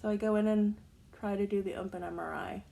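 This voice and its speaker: A woman in her forties chatting to the camera, telling a long personal story in an animated, casual way. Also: mid-range voice, fairly quick, vocal fry. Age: 40s. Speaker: vlogger.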